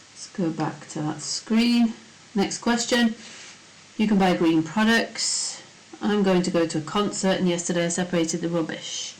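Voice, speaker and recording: A woman's voice: medium pitch, rough recording. A woman French teacher, going over test answers in a recorded lesson and breaking each sentence into small steps. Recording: faint hiss.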